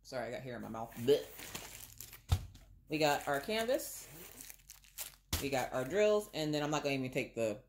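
Woman, low voice with big swings, chatty craft vlogger. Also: slight background noise. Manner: chatty, expressive, talks to viewers. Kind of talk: casual unboxing chat.

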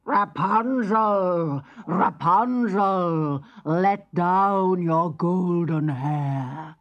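Storybook witch, gruff and wicked, slow booming calls, played by a woman narrator; lo-fi tape. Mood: calling. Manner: loud, slow, drawn-out calling. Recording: lo-fi tape with faint music.

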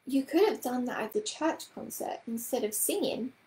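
A woman's voice: high voice, unhurried, a little mellow, echoey room, rough recording. A woman voicing an eager, earnest young girl who speaks breathlessly and pleadingly.

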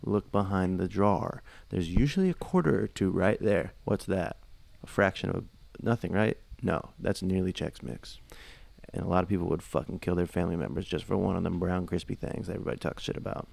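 A man co-hosting a comedy podcast, spinning rambling deadpan bits in casual chat. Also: deep voice, brisk, vocal fry. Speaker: podcast co-host.

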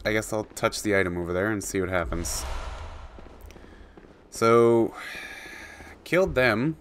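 A man's voice: lowish voice, lively intonation, unhurried, slight background noise. A man giving casual commentary while playing a video game, chatting to the creatures on screen and chuckling often. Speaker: let's play gamer.

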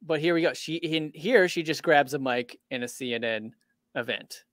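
A man hosting a casual interview, talking haltingly with frequent laughs and restarts. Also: on the high side, a bit bright, dry recording, studio quality. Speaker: host.

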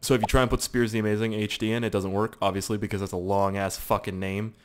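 A young man giving excitable, profane live gameplay commentary with yelling outbursts. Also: fairly low pitch, fast talker, smooth. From Canada. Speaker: gaming YouTuber.

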